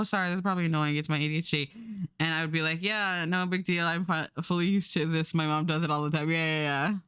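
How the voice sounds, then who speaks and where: A woman's voice: low voice, a bit bright, clean tone, dry recording, clean studio sound. A young adult woman streaming, chatting casually and rambling while she draws, swearing now and then.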